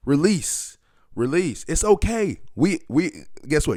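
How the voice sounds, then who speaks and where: A man hosting a solo podcast, talking loosely and emphatically, with many fillers and sudden bursts of excitement. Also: fairly high pitch, slow, no room sound, studio quality. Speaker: podcast host.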